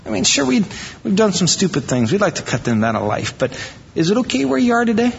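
A pastor from Iowa giving a conversational, animated sermon to his church, acting out quoted voices now and then. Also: sits high, fast talker, creaky, breathy edge. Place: church sanctuary. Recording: dull reverberant church recording.

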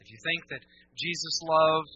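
A man preaching a sermon to his church in a casual, animated way, slipping into mock voices to make his points. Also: on the high side, moderate pace, no room sound. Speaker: pastor. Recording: dull lo-fi church recording.

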